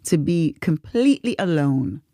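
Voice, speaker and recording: Lively, expressive woman chatting. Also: deep voice, normal speed, dry recording, clean studio sound. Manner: expressive storyteller, laughs often. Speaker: podcast co-host. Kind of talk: casual podcast chat.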